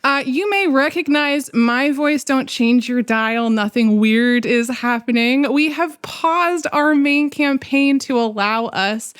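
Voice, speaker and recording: A woman's voice: high-pitched, takes it slowly, few pauses, clean tone, dry recording, clean studio sound. A woman hosting as game master, introducing the players in a playful, upbeat way.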